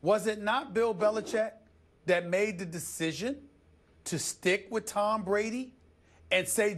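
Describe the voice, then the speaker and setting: A man's voice: high voice, unhurried. A man arguing sports on a studio debate show, emphatic and insistent, who keeps cutting in to take the floor. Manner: emphatic, repeats "listen" to grab the floor.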